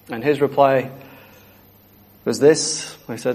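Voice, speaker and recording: A man's voice: mid-range voice, steady tone, moderate pace, pauses often, a little mellow. A man preaching a sermon, earnest and emphatic, repeating key phrases.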